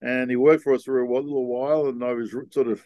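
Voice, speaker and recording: A man's voice: medium pitch, fairly even intonation, quick pace, warm tone, no room sound, muffled recording. An older man, a podcast guest telling stories in a frank, rambling way with many ums and restarts. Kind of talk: casual storytelling conversation.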